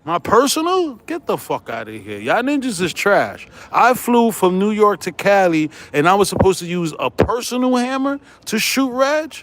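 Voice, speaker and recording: A man's voice: high-pitched, very animated, normal speed, few pauses. A man hosting his own online channel, delivering a heated, profane rant in which he keeps asking "right?" and often breaks into laughter. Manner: profane, combative, repeats "right?"; laughs often while ranting. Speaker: YouTube host.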